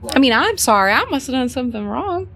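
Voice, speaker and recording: A woman's voice: high-pitched, very animated, fast talker, gravelly, pushed and bright, exaggerated voice. A woman voicing a meek, eager young girl who blames herself. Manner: meek, self-blaming, eager.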